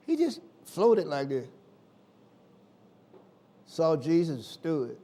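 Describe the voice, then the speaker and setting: A male preacher delivering a sermon in a folksy, colloquial way. His voice is high and swoops widely in pitch, and he speaks slowly as he moves between shouts and quiet tones. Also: wildly swooping pitch. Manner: dramatic, swings between shouting and hushed tones.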